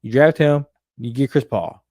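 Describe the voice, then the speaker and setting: A man's voice: medium pitch, moderate pace, warm tone, no room sound, clean studio sound. A young man co-hosting a sports podcast, talking emphatically and profanely in casual chat. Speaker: podcast co-host.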